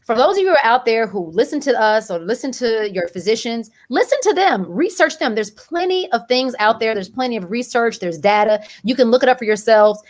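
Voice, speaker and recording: Female co-host, higher voice, blunt and emphatic, preachy energy. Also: animated, a little fast, few pauses. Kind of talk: casual talk.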